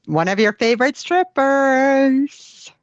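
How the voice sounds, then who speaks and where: A woman's voice: sits high, animated, slow, no room sound, highs cut off. A woman co-hosting a casual podcast, teasing her co-host in a playful way. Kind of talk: casual chat.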